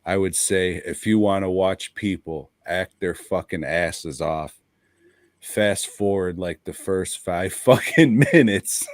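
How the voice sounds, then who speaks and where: A man's voice: low voice, no room sound. A man co-hosting a casual podcast chat, blunt and profane, laughing often. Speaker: podcast co-host.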